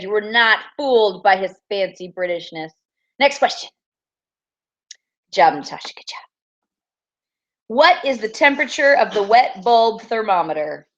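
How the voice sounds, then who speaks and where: A woman teacher running a classroom quiz review, upbeat and teasing, reading each answer choice slowly and clearly. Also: mid-range voice, a bit bright, lo-fi sound.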